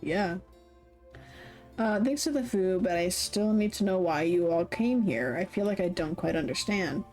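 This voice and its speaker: A woman's voice: on the low side, animated, moderate pace, a little mellow, soft background music. A young adult woman streaming a game, chatting casually in a giggly, rambling, self-deprecating way and reading the story aloud. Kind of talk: casual chat while playing a game.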